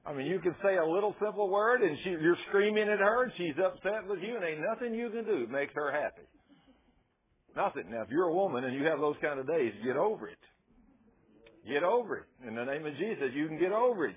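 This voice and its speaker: Folksy male preacher, husky and plain-spoken, tinny radio sermon. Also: mid-range voice. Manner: folksy, conversational, emphatic. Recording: tinny phone-like radio broadcast.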